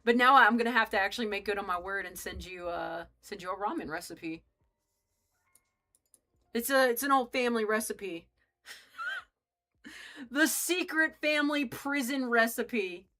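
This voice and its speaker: Bright-voiced young woman streamer. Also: medium pitch, normal speed. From United States. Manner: rambling, joking, swears freely, chats with viewers. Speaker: game streamer. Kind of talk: casual live-stream chat while playing.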